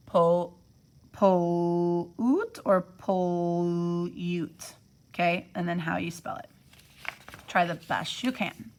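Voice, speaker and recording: A woman's voice: mid-range voice, a bit bright. A young woman teacher giving a phonics lesson from home, thinking aloud and sounding out words to encourage her students. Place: home, during quarantine.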